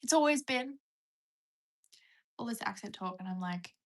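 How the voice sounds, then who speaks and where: A woman's voice: a little high, lively intonation, normal speed. A young woman with a rural Australian accent chatting casually on a live stream, reading comments and rambling, now and then dropping to a whisper. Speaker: livestreamer.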